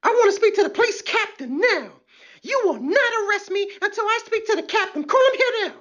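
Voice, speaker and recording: A man's voice: very high voice, lively intonation, brisk, a bit bright, pitched above the performer's own voice. A man voicing an irate, entitled woman being arrested, shrieking her demands with indignation. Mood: shrill indignant.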